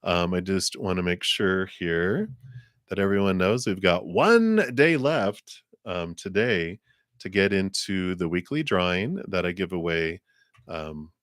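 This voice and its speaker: Male host giving live tarot readings, very low voice, dry close sound, easygoing and rambling. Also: no room sound. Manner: relaxed, rambling, with fillers and spiritual talk. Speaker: tarot card reader, channel host. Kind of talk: live-stream card reading.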